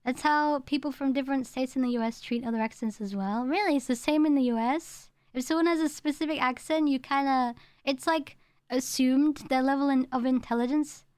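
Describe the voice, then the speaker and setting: A woman's voice: high voice, steady tone, a little fast, a little mellow, clear, resonant tone, dry recording, clean studio sound. A young woman, chatting casually with her stream chat, rambling and laughing as she goes. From England.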